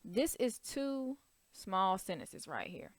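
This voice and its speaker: A woman's voice: medium pitch, very animated, slow pace, no room sound. A woman teacher explaining a writing lesson to young children, in short simple steps and with frequent checks that they follow. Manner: patient, simple explanations with repeated checks like "right?" and "okay?". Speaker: elementary school teacher.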